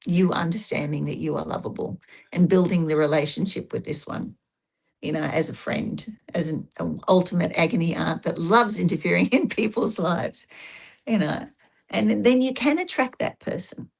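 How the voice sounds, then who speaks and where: A woman's voice: fairly low pitch, normal speed, vocal fry, a little mellow, husky. A woman interviewed as a guest, talking casually and giving emphatic, anecdotal advice.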